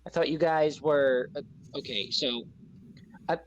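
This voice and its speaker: A woman's voice: deep voice, a little slow, muffled recording. A man voicing a startled young woman hermit in the woods, who stammers in a flustered way.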